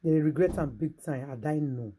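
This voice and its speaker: A man's voice: a little high, normal speed, mellow, a little hiss or hum. A man from Nigeria speaking in a Nigerian Pidgin English accent, giving casual gossip commentary in a preachy, rhetorical way, addressing viewers directly. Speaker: gossip vlogger.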